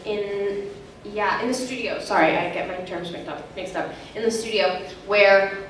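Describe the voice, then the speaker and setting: A woman's voice: mid-range voice, normal speed, fairly bright tone, slight background noise. A young woman chatting animatedly on a convention panel, laughing as she tells stories. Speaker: panel guest. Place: large convention hall. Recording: echoey hall from far off.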